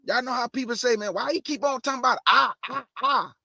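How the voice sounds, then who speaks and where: A man with a very high, bright, forceful voice preaches, swinging from solemn scripture reading to loud, slangy exhortation. The close mic sounds dry and direct, with no room around him. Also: fast, vocal fry, dry recording. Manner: animated, shouting bursts, slangy asides. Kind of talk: energetic street-style Bible preaching.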